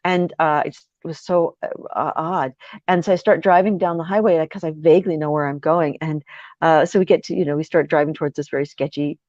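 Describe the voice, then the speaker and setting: A woman guest on a podcast interview, telling a personal story in a lively, animated way and acting out the voices of people in it. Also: sits low, a little fast, dry recording. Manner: lively, laughing, acts out quoted voices. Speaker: guest speaker and author. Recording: dry, dull lo-fi sound.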